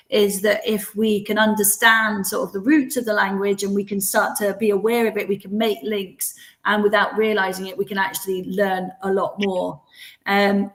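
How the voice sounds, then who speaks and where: A woman's voice: medium pitch, vocal fry. A woman hosting an online session for teachers, explaining practical classroom ideas. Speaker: webinar host.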